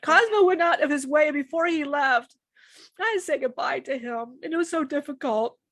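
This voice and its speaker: With a high, fairly bright voice at a moderate pace, a woman co-hosting a live stream as a channeler describes personal struggles. She rambles emotionally, restarts her sentences often and swears casually, and the audio has no echo.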